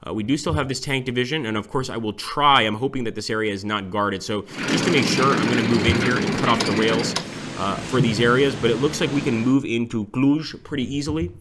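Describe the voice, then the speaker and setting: A man's voice: medium pitch, fairly quick. A man casually commenting on his own strategy game as he plays, thinking aloud with frequent fillers. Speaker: strategy game let's-play host. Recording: clear background noise and clicks.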